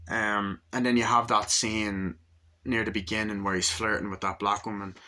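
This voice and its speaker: Rambling young man, bright voice. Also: on the low side, flat delivery, moderate pace. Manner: rambling, acts out film lines in raised voices. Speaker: movie reviewer. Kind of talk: casual movie review.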